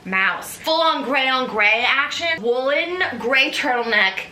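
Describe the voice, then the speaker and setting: A woman with a high, piercingly bright voice hosts a casual chat. She gushes and rambles excitably, piling on fillers as she goes. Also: a little slow, reverberant, slight background noise. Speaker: host. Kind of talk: casual recap talk.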